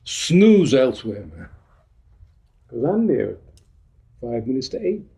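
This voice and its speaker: A man's voice: mid-range voice, sing-song, measured pace, gravelly, mellow. A man giving an informal teaching talk to a group in a meeting room, blunt and full of street slang, acting out little dialogues. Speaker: spiritual teacher.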